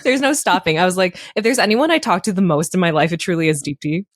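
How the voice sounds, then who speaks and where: A woman's voice: on the low side, quick pace, no room sound, clean studio sound. Young woman, playful co-host. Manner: playful, teasing banter. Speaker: podcast co-host. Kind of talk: casual chat.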